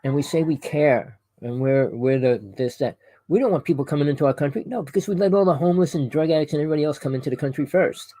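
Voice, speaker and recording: A man's voice: on the high side, fast talker, dark tone, no echo, low-quality recording. A man delivering a rambling, preachy monologue to camera. He keeps correcting himself, calls his listeners "people" and fires off rhetorical questions. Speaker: online conspiracy commentator.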